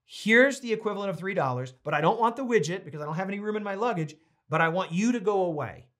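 Speaking fast and with plenty of animation, an American man runs a relaxed Bible study. He reads quotes from the passages aloud and fills the gaps with chatty anecdotes, his high voice carrying a fairly bright tone.

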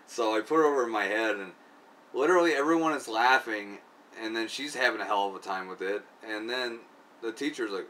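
A man's voice: lowish voice, a little fast, a bit bright. A man telling a long personal story in casual, profane, rambling speech full of fillers. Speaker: video creator. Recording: distant mic, faint background noise.

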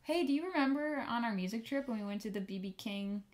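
A woman's voice: fairly high pitch, animated, fast talker. A young woman co-hosting a podcast, chatting casually with lots of "like" fillers. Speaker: podcast co-host. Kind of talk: casual chat.

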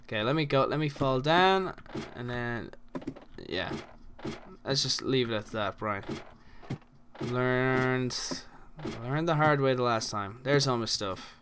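A man's voice: medium pitch, lively intonation, takes it slowly, background noise. An Irish man giving casual, rambling commentary while playing a game, full of crude jokes and asides. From Ireland. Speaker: gaming channel host.

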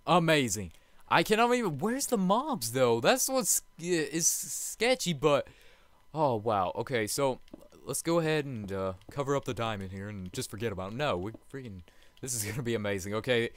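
A man hosting a let's play, chatty and jokey, swinging from hushed murmurs to loud excited outbursts. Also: mid-range voice, normal speed, dry recording. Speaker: gaming channel host.

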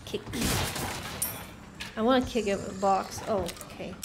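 A woman streamer talking chattily through a game, breaking into yells. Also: medium pitch, unhurried. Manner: chatty, bursts into yelling. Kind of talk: let's play commentary. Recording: noisy background.

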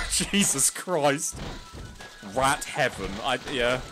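A man's voice: mid-range voice, lively intonation, drawn-out words. A man casually commenting on a video game as he streams it, swearing, exclaiming and laughing at what happens on screen. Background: game music.

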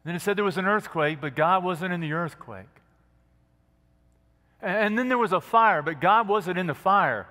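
A man preaching a sermon as pastor, earnest and gentle, dropping to a soft hush at quiet moments. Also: high voice, normal speed. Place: church sanctuary. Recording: long church hall reverb.

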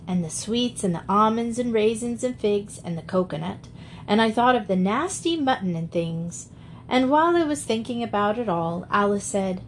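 Woman storyteller for an audiobook of a classic children's tale, mid pitch, slight background hiss. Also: lively intonation, normal speed. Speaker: audiobook reader. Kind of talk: scripted narration of a classic children's novel.

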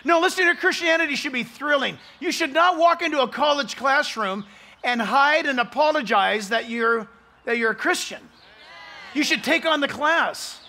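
A male pastor preaching an outdoor sunrise sermon into a stage microphone, animated, joking with the crowd and acting out the voices he quotes. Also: extremely high pitch, moderate pace. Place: outdoors at dawn, cold.

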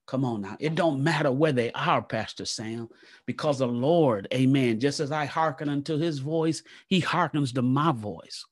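A man preaching a live church sermon, fervent and repetitive, praying aloud between points and swinging from a low murmur to loud exclaims. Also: moderate pace. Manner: fervent, repeats "come on now" and "glory to God". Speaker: pastor.

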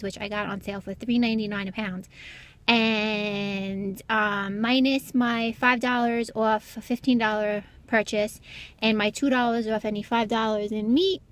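A middle-aged woman chatting casually as she films her shopping trip, walking and talking through the stores, her car and her home. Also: on the high side. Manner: chatty, walks and talks while shopping. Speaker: vlogger.

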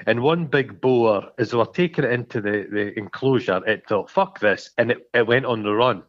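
A man's voice: medium pitch, moderate pace. A man co-hosting a podcast, chatting casually about a film, swearing freely and acting out quoted lines. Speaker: podcast co-host. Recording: dull lo-fi sound.

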